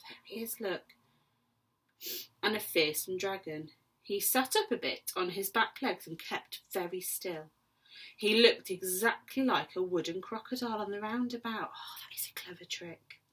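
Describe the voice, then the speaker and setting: Female teacher reading aloud to children, expressive with hushed asides. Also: medium pitch, slightly rough.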